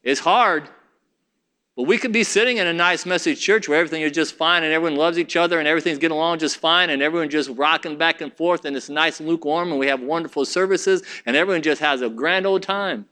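A man's voice: on the high side, quick pace, sharp tone. A man preaching a sermon to his church, with rising emphasis and frequent restarts. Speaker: pastor.

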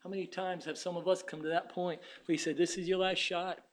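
A man preaching a sermon, shouting one moment and dropping to a hush the next, acting out short quotes of God and Satan. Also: high voice, level tone, fairly quick. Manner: swings from shouting to hushed tones; voices God and Satan in little acted quotes.

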